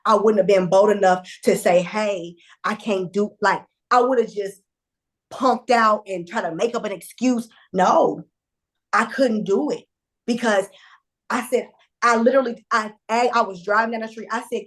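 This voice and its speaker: A woman's voice: mid-range voice, moderate pace. Woman telling a candid personal story. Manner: conversational and animated, with fillers and restarts. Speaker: guest.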